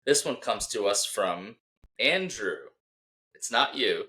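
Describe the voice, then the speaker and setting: A man's voice: lowish voice, very animated, slow, bright, forceful tone. A young man co-hosting a casual sports podcast, teasing his co-host and laughing as he reads tweets aloud. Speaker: podcast co-host, Philadelphia fan.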